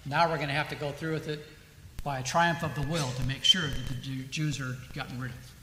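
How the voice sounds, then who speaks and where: A man's voice: medium pitch, steady tone, a little fast, pushed and bright, a little hiss or hum. Emphatic male lecturer in an echoey hall. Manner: emphatic, asks rhetorical questions and answers them. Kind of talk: lecture with read-out quotations. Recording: echoey hall with long reverb.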